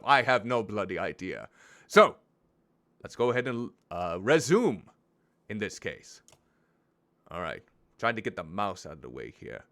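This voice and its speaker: A man streaming a game, chatting in an expressive, self-deprecating way. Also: medium pitch. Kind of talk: gameplay commentary.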